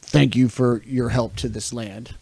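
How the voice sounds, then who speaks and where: Man voicing a quiet, gravelly winter spirit, slow and solemn, dry close mic. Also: mid-range voice, fairly even intonation, dry recording. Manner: slow, quiet, halting speech.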